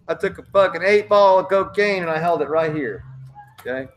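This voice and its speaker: A man's voice: on the high side, normal speed. A man, a show host, telling a crude story in casual chat, swearing often and acting out the voices of people in it. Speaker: podcast host.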